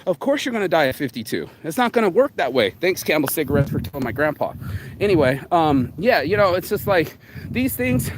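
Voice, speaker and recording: A vlogger with a somewhat high, widely swinging voice rambles fairly quickly through a casual motivational livestream chat. His talk is loose and streetwise, with free swearing and frequent "bro," over a faint hum of room ambience.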